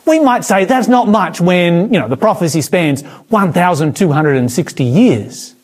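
A man preaching a prophecy sermon with an emphatic, dramatic delivery and a slightly husky voice. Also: animated, moderate pace, a little mellow. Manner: dramatic, emphatic delivery with sweeping pitch swings.

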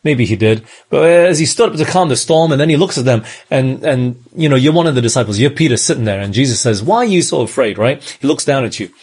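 A man's voice: medium pitch, animated, fast talker, hardly any pauses, darkish tone, breathy edge. A man from Australia, preaching a sermon in a conversational way and often checking in with the listeners. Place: church in Malaysia.

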